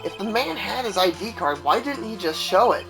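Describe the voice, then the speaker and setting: A man voicing a confident young male defense lawyer in a measured reading over game music. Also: high voice, lively intonation, fairly bright tone.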